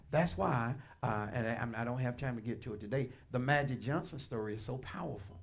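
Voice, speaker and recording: A man pastor preaching a sermon in a church, animated and colloquial, addressing the congregation directly with punchy asides. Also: medium pitch, brisk, creaky, few pauses. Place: church sanctuary.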